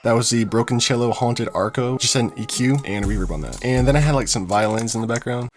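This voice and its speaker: A man hosting a music production tutorial, talking casually through each step with lots of fillers. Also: mid-range voice. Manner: relaxed, fast, filler-heavy walkthrough. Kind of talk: casual screen-recorded tutorial. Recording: beat music playing under voice.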